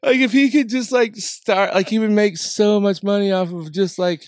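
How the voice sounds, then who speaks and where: A middle-aged man co-hosting a podcast, chatting casually and animatedly, often laughing and slipping into a slow, soothing impression. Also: high voice, fairly even intonation, no room sound, clean studio sound. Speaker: podcast co-host. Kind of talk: casual comedic chat.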